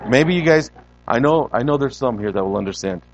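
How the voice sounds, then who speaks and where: Speaking as a guest preacher, a man addresses the congregation directly in an animated, conversational sermon, repeating words for emphasis. His voice is medium-pitched and a little fast, captured in lo-fi audio with slight background noise.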